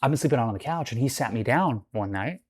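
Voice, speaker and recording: A man's voice: mid-range voice, lively intonation, fast, husky. Rambling, profane guy ranting. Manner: profane, rambling, full of "like" fillers. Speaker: vlogger. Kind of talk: casual storytime rant.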